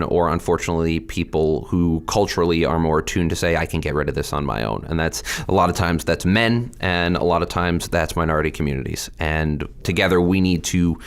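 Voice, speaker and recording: Brief: candid, animated male guest, low register, middle-aged. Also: smooth. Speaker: state representative guest. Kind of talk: podcast interview.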